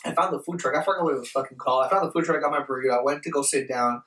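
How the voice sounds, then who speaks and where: A man's voice: mid-range voice, rapid-fire, far from the mic. A young man hosting a podcast, telling a rowdy story in a casual, profane way and acting out the people in it. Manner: animated, profane, quotes people in his story. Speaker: podcast host. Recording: echoey room, voice off-mic.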